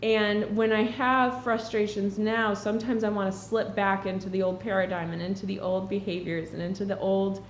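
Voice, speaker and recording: This spiritual vlogger addresses the camera in a casual, earnest and reflective way, using a mid-range, flat delivery at a moderate pace with few pauses. Her recording has room echo and a faint hum behind it.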